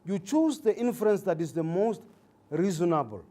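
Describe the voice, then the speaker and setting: A man, a judge, giving a legal training lecture to trainee judges, deliberate and repeating key points for emphasis, with some hesitant fillers. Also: high voice, lively intonation, warm tone.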